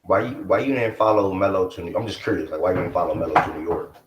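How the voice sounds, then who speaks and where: A man's voice: low-pitched, quick pace, echoey room, muffled recording, background noise. A man hosting a casual live sports chat stream, talking in a laid-back way full of slang. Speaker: host.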